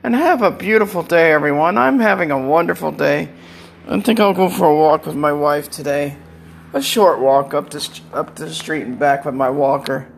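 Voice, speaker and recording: Gravelly-voiced older man, defiant. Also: on the high side, normal speed, slight background noise. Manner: defiant, taunting, breaks into laughter. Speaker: vlogger. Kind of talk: rambling personal monologue.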